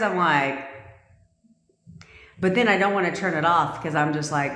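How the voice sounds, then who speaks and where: Woman coach, livestream rant, blunt and foul-mouthed, quick to laugh, slightly low voice. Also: lively intonation, a bit bright, roomy sound. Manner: blunt, profane, laughs often. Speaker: manifestation coach.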